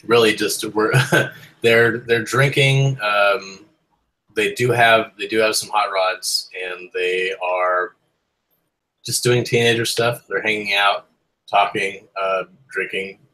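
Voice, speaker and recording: A man's voice: lowish voice, steady tone, takes it slowly, pushed and bright, poor audio. A young man narrating a tabletop horror game as game master, casual and rambling, with lots of ums and swearing.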